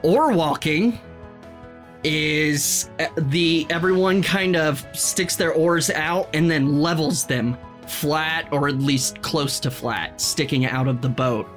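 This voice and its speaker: A man's voice: a little high, takes it slowly, fairly bright tone. A man narrating a tabletop game as game master, casual and often laughing, with music behind. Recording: background music.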